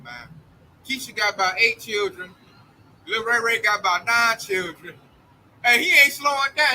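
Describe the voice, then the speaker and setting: A male preacher giving an informal street-style sermon. He speaks bluntly in heavy slang, mocks those he talks about and often acts out their voices. His voice is very high-pitched for a man, with a piercing, bright edge. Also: a little hiss or hum, poor audio.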